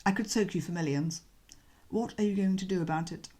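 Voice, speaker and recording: A woman voicing a cheerful young gentleman, breezy and chatty, in a bouncy, slangy audiobook reading. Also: fairly low pitch, a little fast, close to an everyday voice.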